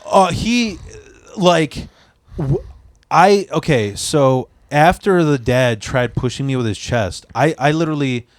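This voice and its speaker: A podcast host from the Chicago area who tells a long story in a casual, profane, rambling way. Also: male voice, a little high, expressive, takes it slowly, no room sound. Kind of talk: casual chat.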